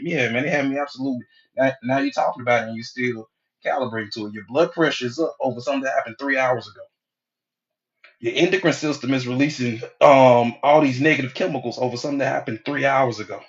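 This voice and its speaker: A man's voice: medium pitch, fast talker, dull audio. A middle-aged man giving a casual, preachy motivational talk as a hypnotherapist, acting out quoted people as he goes.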